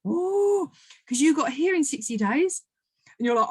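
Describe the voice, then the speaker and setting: A woman's voice: sits high, animated, normal speed, a little mellow, dry recording. A woman giving a motivational coaching talk, emphatic and repetitive, who swears freely. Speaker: manifestation coach.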